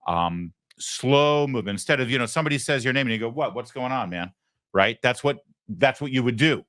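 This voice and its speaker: Male talk host, mid pitch, punchy opinion commentary, dry studio sound. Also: brisk, a bit bright, dry recording. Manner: emphatic, acts out quotes, rhetorical questions.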